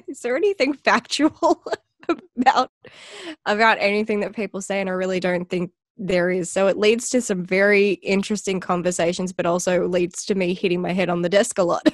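Brief: Australian woman guest, bubbly and expressive, plays out quotes in her stories, dry close recording. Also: lowish voice, dry recording. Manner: animated, acts out quoted remarks with laughter. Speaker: podcast guest. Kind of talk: casual chat.

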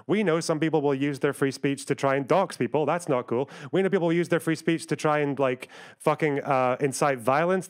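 A young man from the UK talks straight to his live chat, swearing often and jumping between rants and quick asides. His voice sits at an ordinary middle pitch, and he argues in rambling bursts full of "like" and "you know.". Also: clear, resonant tone. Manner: profane, argumentative, rapid asides to chat. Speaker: livestreamer. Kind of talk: live stream commentary, reacting to chat.

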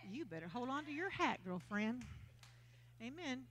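A woman preacher, telling stories in a lively sermon with self-mocking humor at a church service. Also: fairly high pitch, moderate pace.

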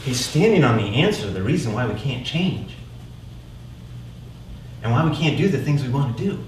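A man tells a personal story as a one-man stage show, chatty and direct, often asking "right?" of his listeners. His mid-pitched voice is picked up from a distance in a very echoey hall, with clear background noise underneath. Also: very animated, normal speed. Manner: conversational, keeps checking in with "right?". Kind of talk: theatrical storytelling monologue. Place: live stage in a theater. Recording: echoey room, mic far off, noisy.

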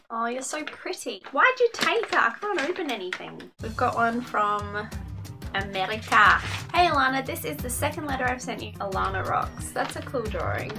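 Young woman, bubbly vlogger reading letters, music bed behind. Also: on the high side. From Australia. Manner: bubbly, reads letters aloud with quick asides. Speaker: YouTuber reading fan mail. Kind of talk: casual vlog chat. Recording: music playing under the voice.

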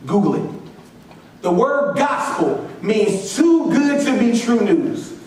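A pastor preaches a sermon in a church sanctuary, repeating lines for emphasis and calling on the congregation to answer back. His high voice is sing-song and darkish, delivered slowly. The low-quality recording is very echoey, taken from a distance, with slight background noise.

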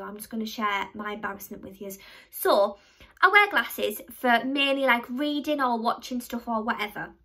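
A young woman chats straight to her camera at home, her voice pitched high and bright. She rambles from story to story and pokes fun at herself as she goes. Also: husky. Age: young adult. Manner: chatty, rambling, self-mocking storyteller. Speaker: vlogger. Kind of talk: casual chat to camera.

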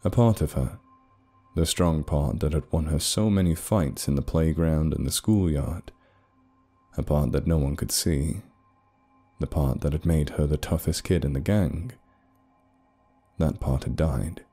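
Deep-voiced male story narrator. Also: dark tone, slightly rough, faint music behind. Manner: measured, dramatic storytelling.

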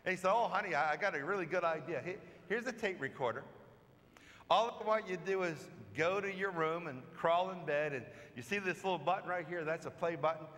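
A man's voice: high-pitched, a little fast, fairly bright tone. A man preaching a sermon as a pastor, telling stories in a conversational way and acting out the quoted lines. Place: church. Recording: long church reverb.

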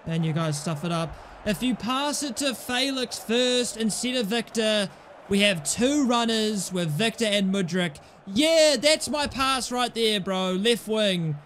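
A man's voice: sits high, animated, measured pace, fairly bright tone, slight background noise. A young man giving casual commentary over his own gameplay, exasperated and sarcastic, swearing often. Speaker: gaming channel host.

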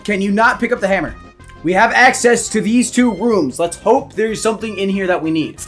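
A young man hosting a gaming channel, talking through a horror game, jumpy and quick to yell and swear when startled. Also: sits high, soft background music. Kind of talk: gaming commentary.

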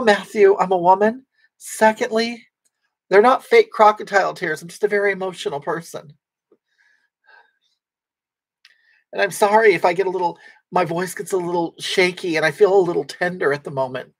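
A man doing a rambling, crude lady character. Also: high voice. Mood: indignant. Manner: rambling, halting, with frequent restarts. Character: brash, tearful, crude middle-aged woman. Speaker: livestream host reading comments. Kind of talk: improvised comic livestream.

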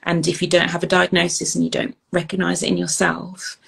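Gravelly husky-voiced woman. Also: lowish voice, completely flat delivery, fairly bright tone, rough recording. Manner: thoughtful, earnest, halting with many ums. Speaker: ADHD youth coach, guest. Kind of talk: interview conversation.

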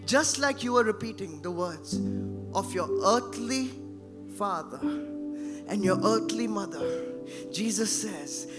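A male pastor preaching a sermon in church, swinging between shouting and hushed tones. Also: high voice, expressive, takes it slowly, pauses often, loud music behind the voice.

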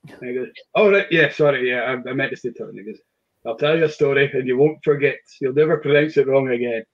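A man runs a laid-back online whisky chat as a whisky shop host, talking fast with a mid-range pitch. He often hesitates, using fillers and restarting sentences. The audio is dull and lo-fi, much like a video call.

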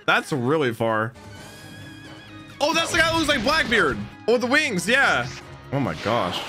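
Excitable man reacting with bright voice. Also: high-pitched, measured pace, soft background music. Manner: excitable, exclamatory, slangy. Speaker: reaction video host. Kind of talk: excited anime reaction commentary.

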